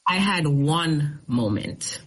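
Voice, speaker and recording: A woman's voice: sits low, slow, breathy edge, poor audio. A middle-aged woman, an attorney telling her story in a casual interview and building up emphasis as she goes. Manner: storytelling, animated retelling with rising emphasis. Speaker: attorney, guest.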